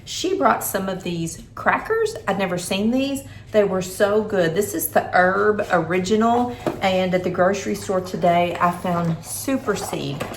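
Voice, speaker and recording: Animated and measured, a medium-pitched middle-aged woman talks casually to camera from her kitchen, snacking all the while in homey vlog style. The room is echoey, with a little hiss or hum in the recording.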